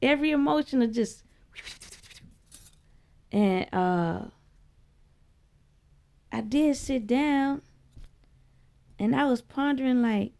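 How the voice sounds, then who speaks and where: Slow, gravelly-voiced woman telling a story. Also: darkish tone. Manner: profane, blunt, chatty; jumps high when quoting herself. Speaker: vlogger. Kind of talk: casual spiritual storytelling monologue.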